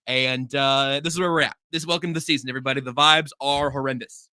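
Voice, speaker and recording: Bright, sarcastic American man. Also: mid-range voice, fairly even intonation, fast talker, clear, resonant tone, dry recording. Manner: sarcastic, exasperated rants. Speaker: sports podcast co-host. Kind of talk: casual sports podcast chat.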